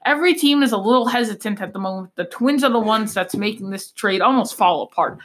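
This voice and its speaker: A woman's voice: medium pitch, quick pace, fairly bright tone. A woman hosting a sports podcast, giving blunt, opinionated takes in a loose, rambling way with frequent restarts. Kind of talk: casual sports talk.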